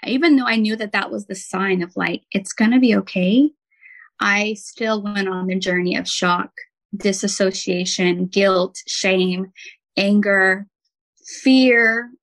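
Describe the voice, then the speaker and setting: Earnest woman with a gravelly edge. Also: medium pitch, fairly even intonation, takes it slowly, rough recording. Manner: earnest, heartfelt, with frequent "um" and "like". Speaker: podcast guest, intuitive healer and nurse. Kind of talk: personal storytelling in conversation.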